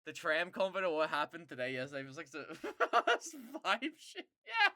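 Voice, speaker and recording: A streamer chatting casually with viewers, rambling and swearing, quickly getting worked up and loud. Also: mid-range voice, very animated, no room sound, clean studio sound. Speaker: streamer answering chat.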